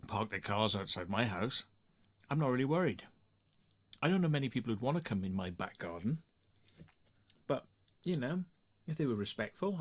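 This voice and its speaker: Sweary English man ranting. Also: mid-range voice. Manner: sweary, sarcastic, animated storytelling. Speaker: vlogger. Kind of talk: casual ranting monologue.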